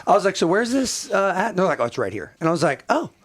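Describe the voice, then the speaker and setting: A man with a slightly raised pitch recounts a mission in relaxed podcast chat. He swears casually and slips into the voices of commanders and teammates as he quotes them. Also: fast talker, slightly rough. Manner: profane, acts out radio and briefing dialogue. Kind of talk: casual war storytelling.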